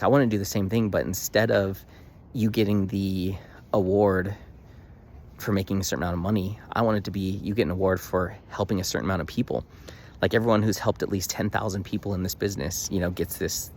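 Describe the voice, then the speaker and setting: A man's voice: low voice, darkish tone, slight background noise. A young man vlogging, telling a story casually with emphatic bursts and lots of fillers and restarts.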